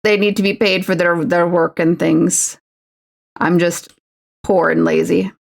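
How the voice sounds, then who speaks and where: A woman's voice: on the low side, steady tone, moderate pace, creaky. A woman streamer chatting casually with her viewers while she paints a miniature. She rambles and fills her talk with "like" as she answers chat messages. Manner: rambling, filler-heavy "like" speech.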